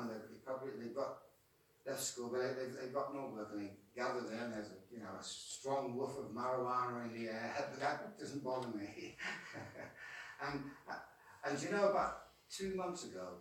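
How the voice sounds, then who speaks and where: A man's voice: mid-range voice, a bit bright. A man, a Christian street evangelist, tells a testimony story and often repeats words as he goes. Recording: echoey room from far off.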